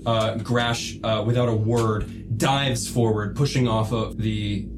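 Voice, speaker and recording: A man narrating a tabletop role-playing game as game master, describing scenes in a measured way. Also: lowish voice, level tone, music in the background.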